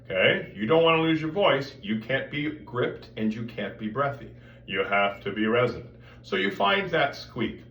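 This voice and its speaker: A man's voice: medium pitch, lively intonation, normal speed, a bit bright, highs cut off. Man teaching voice technique in a roomy space. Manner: explains step by step, breaks into sung and croaked demonstration sounds. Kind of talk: vocal technique lesson with demonstrations. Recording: roomy sound, mic at a distance, faint background noise.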